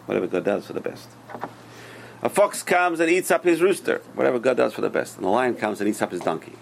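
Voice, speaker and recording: A man teaching a Torah class, telling stories in an animated way and swinging between loud and hushed delivery. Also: medium pitch, fast, vocal fry, a little hiss or hum. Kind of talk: storytelling sermon.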